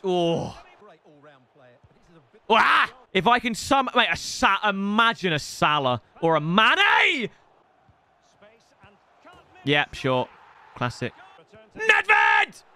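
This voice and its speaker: Young streamer guy, really lively pitch, shouty and hyped, mocking the other player. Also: clean tone. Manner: excitable, bursts into shouts, trash-talks his opponent. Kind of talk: gameplay commentary.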